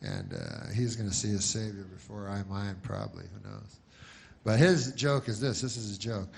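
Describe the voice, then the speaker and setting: A man doing a stand-up set, deadpan and halting, with many false starts. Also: on the low side, creaky, a little hiss or hum. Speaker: stand-up comedian.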